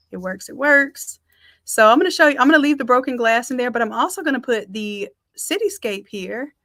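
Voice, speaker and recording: A woman's voice: mid-range voice, a bit bright, no echo, studio quality. A woman giving a live-streamed design tutorial, chatting with viewers and calling them y'all. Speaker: design instructor.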